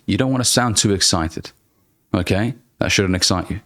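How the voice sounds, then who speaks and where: Male speaking coach, lowish voice, emphatic and blunt, teaching to camera. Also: fairly bright tone. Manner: deliberate, emphatic, slows down to stress key words; blunt, casual, occasional swearing. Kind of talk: direct-to-camera coaching lesson.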